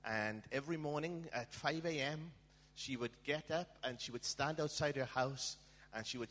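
A man's voice: mid-range voice, moderate pace, fairly bright tone. A male preacher telling a story in a sermon and asking the audience questions, in an echoey hall.

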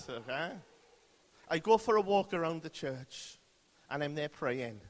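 A man's voice: a little high, expressive, measured pace. A British man, a pastor, preaching a sermon as vivid first-person storytelling. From Britain. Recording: long hall reverb.

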